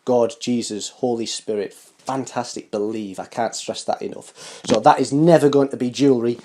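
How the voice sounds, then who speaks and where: Guy hosting a fashion vlog, playful and camp, teasing his viewers, warm mellow voice. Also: medium pitch, fairly even intonation, normal speed. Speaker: fashion show host. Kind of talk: casual chat to camera. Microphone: studio microphone with foam cover.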